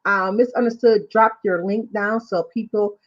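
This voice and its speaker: Woman host, husky voice, dull lo-fi sound, casual faith talk with constant check-ins. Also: medium pitch, steady tone, normal speed. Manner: repeats "you know what I'm saying". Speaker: livestream host.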